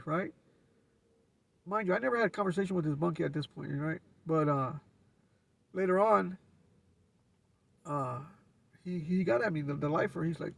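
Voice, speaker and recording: Casting: LA man, gravelly and raspy, laid-back storyteller heard from off-mic. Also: sits high, recorded from a distance. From Los Angeles. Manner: laid-back street slang with frequent restarts. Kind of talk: casual storytelling.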